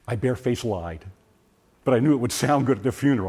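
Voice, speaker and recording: An older man giving a personal testimony, animated and full of restarts, acting out voices as he tells the story. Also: medium pitch, fairly quick, husky. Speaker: former science teacher giving a testimony. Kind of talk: personal testimony talk to a group.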